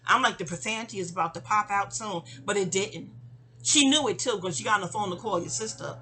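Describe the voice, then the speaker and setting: Bright-voiced woman telling a story. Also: fairly quick. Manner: animated, acts out quotes with big pitch jumps; profane, conversational asides. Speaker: audio diary storyteller. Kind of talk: casual storytelling monologue.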